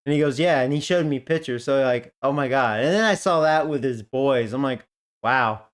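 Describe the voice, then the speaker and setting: A man's voice: medium pitch, brisk. Rambling, jokey man streaming a game. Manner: rambling, jokey, laughs often. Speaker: gaming streamer. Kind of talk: casual gameplay commentary.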